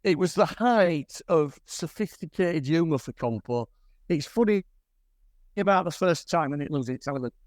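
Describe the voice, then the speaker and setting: A man's voice: on the high side, expressive, moderate pace, darkish tone, no echo. Older man telling wry stories. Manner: chatty storyteller with dry wry humour. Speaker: guest presenter at a camera club. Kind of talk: slide talk with anecdotes. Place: club meeting room.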